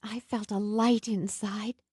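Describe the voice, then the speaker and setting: A woman narrator voicing an excited young pregnant woman, her lines pitched well above her own voice and full of breathless joy. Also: husky, dry recording, studio quality. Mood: elated. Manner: excited, rising high and fast.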